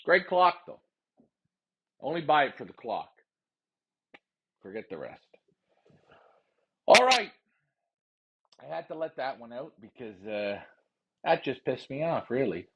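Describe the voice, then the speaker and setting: A man hosting a pigeon racing show, ranting heatedly with lots of profanity and repetition, then calmly explaining how he handles his birds. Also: mid-range voice, moderate pace, long pauses, slightly rough, highs cut off. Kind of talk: casual livestream talk.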